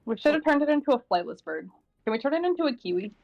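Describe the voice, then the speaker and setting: A woman's voice: high-pitched, sing-song, rapid-fire, a little mellow, highs cut off, faint music behind. A woman playing in a tabletop game, joking and playful. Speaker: player. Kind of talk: casual chat at a game table.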